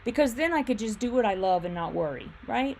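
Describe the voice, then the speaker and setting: Reading viewer comments on her relaxed livestream, a quilt shop owner chats, thinks aloud, laughs readily, and hums as she fiddles with her screen. She speaks fairly quickly in a fairly high, expressive, slightly mellow voice, over a little hiss or hum.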